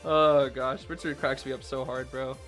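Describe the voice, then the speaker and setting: A young man streaming and co-casting an esports match in excited, casual commentary. He repeats himself, laughs often and keeps saying "bro.". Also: mid-range voice, normal speed, faint music behind.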